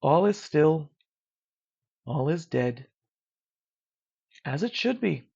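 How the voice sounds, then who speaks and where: A narrator reading a dark first-person horror story in a slow, measured, hushed way. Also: medium pitch, big pitch swings. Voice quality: gravelly. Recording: dull lo-fi recording.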